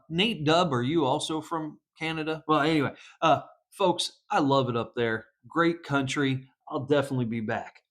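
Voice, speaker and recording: Brief: lively American man, slightly high voice, chatty vlog storytelling, big pitch swings. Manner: animated, laughing, voice swinging up and down. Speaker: police psychologist.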